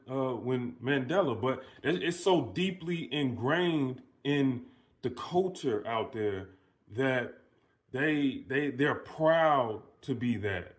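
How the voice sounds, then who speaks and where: Man, commentary host, mid pitch, profane, rambling storyteller. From United States. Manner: loose, profane, storytelling with many restarts.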